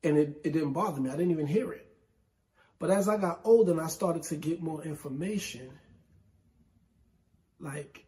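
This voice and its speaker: A man from New York City hosting a solo hip hop show, with a New York accent, talking slowly and emphatically in casual commentary. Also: a little high, warm tone. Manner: slow, emphatic, conversational with repetition. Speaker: podcast host.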